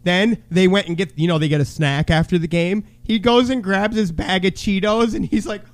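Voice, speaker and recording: A man co-hosting a podcast in casual chat, telling a loud, crude story and shouting the lines he quotes. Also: sits high, fairly even intonation, moderate pace. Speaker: podcast co-host.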